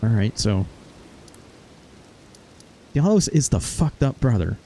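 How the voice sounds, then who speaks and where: A man's voice: medium pitch, big pitch swings, slow pace, mellow, slight background noise. Rambling, casual gamer guy. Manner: rambling, swears casually, recaps with quoted asides. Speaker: gaming video host. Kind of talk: casual let's-play commentary.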